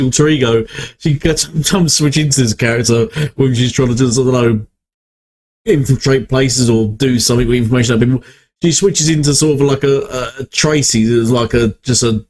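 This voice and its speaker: A man's voice: medium pitch, darkish tone. A young man hosting a reaction video, rambling and correcting himself as he thinks aloud. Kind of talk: casual reaction commentary.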